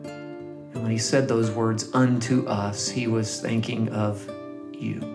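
A man leading a reflective scripture meditation in a soft, gentle voice that lingers on single words. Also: on the low side, little pitch movement, takes it slowly. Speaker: devotional leader. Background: guitar music.

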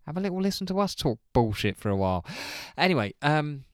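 A man hosting a casual podcast, rambling between ums with easy laughter. His voice is smooth and resonant, with a lively pitch, and the sound is close and dry. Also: fast, no room sound. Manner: rambling, laughs often, many fillers. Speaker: podcast host. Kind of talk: casual chat.

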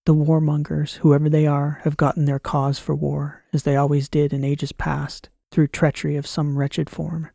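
A man reads a science fiction audiobook in the first person, measured and dramatic. His voice is gravelly and somewhat high for a man, and the sound is dry and close with no room echo. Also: monotone, dark tone. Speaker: audiobook narrator. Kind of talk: scripted first-person narration.

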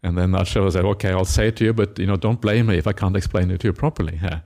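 A monk giving a Buddhist dharma talk, retelling a scripture story with many "uh" fillers and acted-out quotes. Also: male voice, deep voice, steady tone, rapid-fire, darkish tone.

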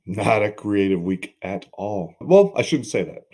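Man, middle-aged, low pitch, dark mellow tone, candid reflective podcast talk. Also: very animated, a little slow. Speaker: podcast host. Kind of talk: personal solo podcast talk.

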